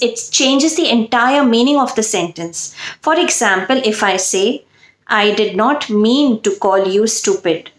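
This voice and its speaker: A woman's voice: on the high side, roomy sound, rough recording. A woman hosting her own channel, earnestly explaining and stressing words for emphasis. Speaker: channel host and self-help speaker. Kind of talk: explaining to camera.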